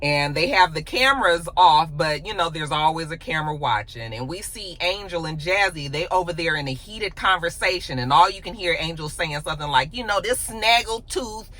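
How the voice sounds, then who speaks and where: Bright, chatty woman recapping a show. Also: low-pitched, lively intonation, a little fast, hardly any pauses. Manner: chatty and candid, with playful asides and slang. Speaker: reality TV recap host.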